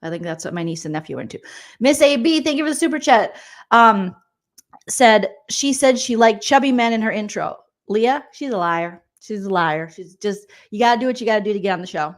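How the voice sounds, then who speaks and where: A woman in her forties hosting a casual comedic recap of a reality show, reading viewer comments and making quick, joking asides. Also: mid-range voice, animated. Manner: chatty, jokey, quick asides and mock voices.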